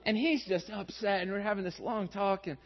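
A man in his thirties preaches in a large hall, telling a self-mocking personal story in a fairly high voice. The sound is dull and carries a long reverb. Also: fairly quick. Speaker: pastor.

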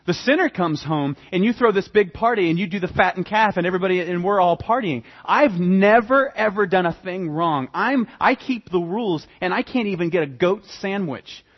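A man's voice: extremely high pitch, takes it slowly, pauses often, dry recording, pitched above the performer's own voice. A man voicing a resentful older brother who complains indignantly. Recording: dull lo-fi recording.

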